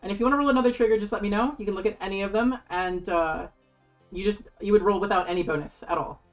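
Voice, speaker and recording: Woman game master, excitable and casual, faint music underneath. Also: mid-range voice, fast talker. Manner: excitable, casual, swears freely. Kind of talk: running a tabletop game on a stream.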